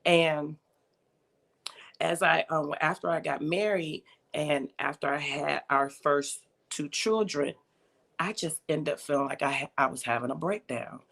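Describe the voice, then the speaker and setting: Woman guest, gravelly tone, heartfelt storyteller. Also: low voice, unhurried, a bit bright. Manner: emotional, storytelling, acts out quoted voices. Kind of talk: personal testimony in casual chat.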